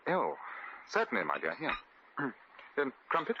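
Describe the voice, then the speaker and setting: A man's voice: medium pitch, huge pitch swings, measured pace, slight background noise. An actor playing a genteel, lovestruck English lord in a 1950s radio drama, fussy and stammering as he dotes on his sweetheart. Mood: doting. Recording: dull old radio recording.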